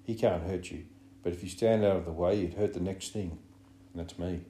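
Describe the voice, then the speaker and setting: A man's voice: low voice, fairly even intonation, brisk, warm tone, slight background noise, lightly acted. A man reading an audiobook, voicing an anxious, fussy schoolboy who pleads earnestly. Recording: roomy echo.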